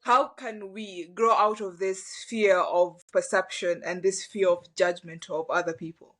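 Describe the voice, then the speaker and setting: A woman's voice: medium pitch, steady tone, measured pace, fairly bright tone. A woman hosting a casual conversation, talking reflectively and asking thoughtful questions. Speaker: host.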